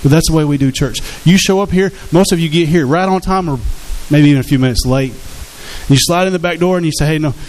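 A man's voice: on the high side, quick pace, few pauses, darkish tone, rough recording. A man preaching a sermon as pastor, in a conversational way, often asking the congregation questions. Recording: faint hiss in the background.

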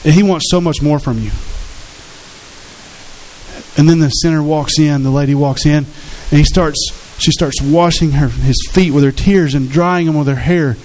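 A man's voice: fairly high pitch, steady tone, normal speed, darkish tone, slight background noise, low-quality recording. A man preaching a sermon as pastor, earnest and conversational, acting out quotes from his congregation.

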